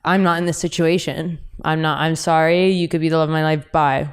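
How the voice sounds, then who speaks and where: A young woman hosting a podcast, telling stories in a candid, animated way with laughs and asides. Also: low-pitched, brisk, clear, resonant tone. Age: young adult. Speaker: podcast host. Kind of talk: casual podcast chat.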